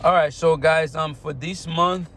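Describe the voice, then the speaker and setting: A young man casually vlogging about his sports bets, slangy and animated, sometimes trailing off into quiet muttering and working through numbers haltingly. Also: a little high, slight background noise. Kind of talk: casual talk to camera.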